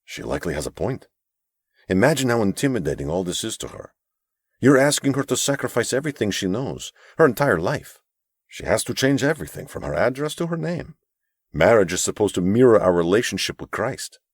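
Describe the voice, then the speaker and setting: A male narrator voicing an older bearded mentor, gentle and devout, speaking earnestly in a raised voice. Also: lowish voice, sing-song, fairly quick, breathy edge, dry recording, clean studio sound, pitched above the performer's own voice, exaggerated voice.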